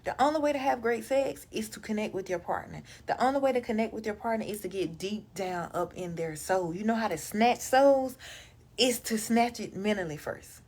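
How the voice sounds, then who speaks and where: A woman coaching on relationships in a casual monologue, direct and emphatic, talking in relaxed vernacular grammar. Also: medium pitch, moderate pace. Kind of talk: casual advice monologue to camera.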